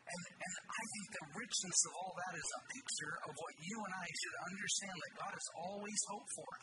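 A man preaching a sermon with earnest, animated delivery that swoops suddenly high on key words. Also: fairly quick. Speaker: pastor. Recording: distant mic with loud background noise.

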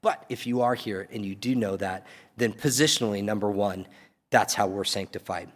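A man preaches a sermon as pastor in a church hall, earnest and pleading as he builds toward emphatic peaks. His voice is lowish at a moderate pace, and the recording carries the hall's long reverb.

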